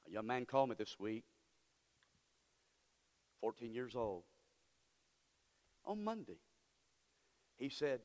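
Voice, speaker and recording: A man preaching a sermon as pastor, moving from quiet storytelling to shouted, impassioned praise. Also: medium pitch, sing-song, slow, long pauses. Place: church sanctuary. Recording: church hall with long reverb.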